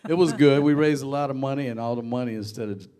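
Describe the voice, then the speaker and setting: An older man from Massachusetts spins stories about his life, animated and full of laughter. He is a band singer talking as a guest in a basement studio. His voice sits in a plain middle pitch. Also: fast talker, clear, resonant tone. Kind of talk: casual storytelling.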